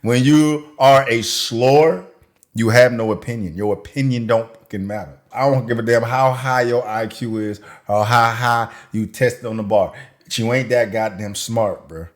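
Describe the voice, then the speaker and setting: A man's voice: lowish voice, steady tone, normal speed. A man hosting a reaction commentary, ranting in crude slang with a mocking edge. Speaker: commentary channel host.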